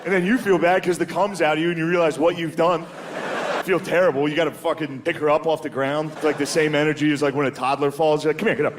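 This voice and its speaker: A man doing a crude, casual stand-up comedy set, calling the audience dude and jumping into loud, high character voices. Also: steady tone, fast, heavy background noise.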